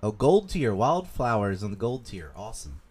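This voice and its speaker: A man's voice: fairly low pitch, big pitch swings, normal speed, darkish tone, slightly rough. A man with a Carolina Southern accent, ranting bluntly and profanely on a casual livestream while reading out viewer donations.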